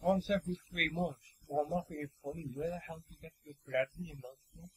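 A man's voice: fairly high pitch, fairly even intonation, brisk, breathy edge, poor audio. A young man co-hosting a podcast, bantering in a blunt, sweary way. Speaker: podcast co-host. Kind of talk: casual chat.

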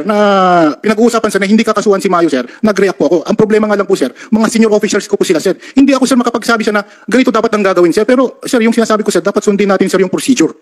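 A man testifying as a police officer in a hearing room, words tumbling out at a breakneck pace. His voice sits high for a man, and he is deferential, tucking a respectful "sir" after almost every phrase.

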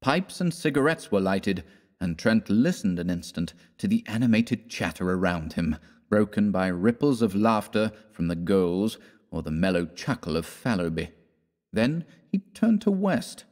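A man narrating a classic story in a measured, theatrical reading, giving the characters their own voices. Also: on the low side, very animated, darkish tone. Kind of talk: scripted audiobook narration.

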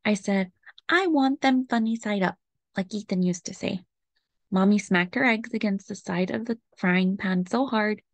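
Woman reading a picture book aloud, creaky. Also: mid-range voice, no echo. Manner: gentle, expressive storytelling. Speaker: storybook reader.

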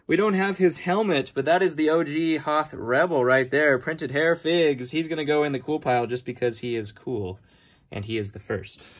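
A man chatting casually to his viewers as he sorts through a big toy haul, joking at his own expense as he goes. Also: mid-range voice. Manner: chatty, self-mocking, sorting items while talking. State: standing for a long time, back sore. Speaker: toy collector vlogger. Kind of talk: casual unboxing commentary.

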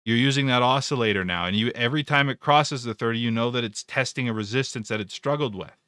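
Man, live stream chart talk, bright tense tone, dry close mic, rambling. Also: medium pitch, fast, no room sound. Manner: rambling, jokey, repeats words. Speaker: trading educator.

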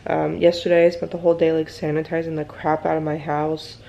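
A woman's voice: sits low, little pitch movement, a little fast, gravelly, warm tone. A young woman vlogging casually about her family, anxious and rambling with many fillers, in a groggy morning voice. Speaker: mommy vlogger. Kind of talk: casual vlog chat. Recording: dull lo-fi home recording.

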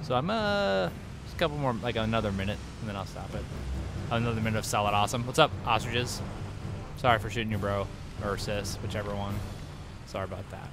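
A man's voice: on the low side, expressive, fairly quick. Man, let's play commentary, goofy, trash-talking, game sound effects behind, noisy mix. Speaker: gaming host. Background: game sound effects and vehicles.

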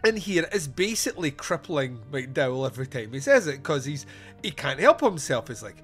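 A man's voice: high voice, very animated, moderate pace, sharp tone, breathy edge, faint music behind. A man hosting a podcast, chatting casually about a film, laughing often and swearing freely. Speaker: podcast host. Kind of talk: casual film review chat.

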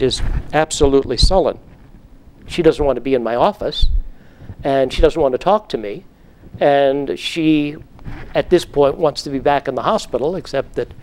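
A man's voice: medium pitch, a little mellow. A middle-aged male psychotherapist giving a lecture, telling clinical case stories and acting out stern lines in a raised voice.

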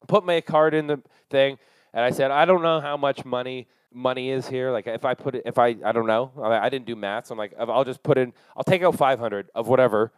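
A man's voice: mid-range voice, no room sound. A man hosting a podcast, telling a long story in a casual, exasperated rant full of swearing. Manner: profane, ranting, exasperated. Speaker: podcast host.

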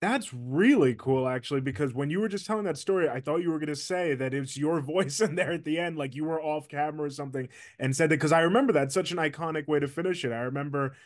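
A man's voice: fairly high pitch, quick pace, hardly any pauses. A man hosting a casual interview, asking eager questions and reacting with enthusiasm. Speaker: interview host.

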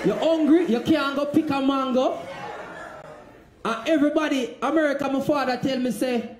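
A young Jamaican man with a very high voice tells comic stories, laughing through his lines in patois phrasing. He is recorded in an echoey room with steady background noise. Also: moderate pace. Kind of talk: comic monologue.

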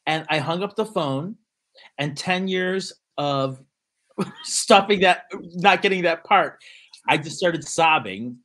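A man's voice: fairly high pitch, slow. A middle-aged man telling a story in a casual interview, acting out the dialogue he quotes. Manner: animated storyteller who acts out quoted dialogue. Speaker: guest actor and choreographer.

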